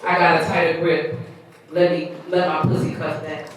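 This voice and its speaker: A woman poet performing a live reading of her own poetry, with a slow, sensual delivery, heard from far off in an echoey room. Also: sits low, flat delivery.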